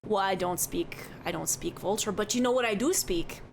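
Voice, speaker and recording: A woman's voice: mid-range voice, moderate pace, vocal fry, slight background noise, voice pushed down, lightly acted. Woman doing a folksy rambling bartender man. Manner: folksy, rambling, keeps saying "don't you know". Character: chatty middle-aged male tavern bartender.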